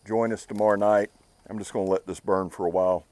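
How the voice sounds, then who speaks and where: Earnest man talking softly by a campfire. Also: fairly low pitch, flat delivery, quick pace, no room sound. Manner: earnest, heartfelt, laid-back. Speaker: outdoor channel host. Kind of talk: casual talk to camera by a fire. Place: outdoors at a campfire.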